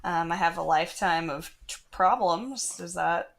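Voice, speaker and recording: A woman's voice: on the low side, measured pace, vocal fry, a crowd in the background. A young woman co-hosting a podcast, telling stories in loose, giggly, profane chat. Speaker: podcast co-host. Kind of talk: casual chat.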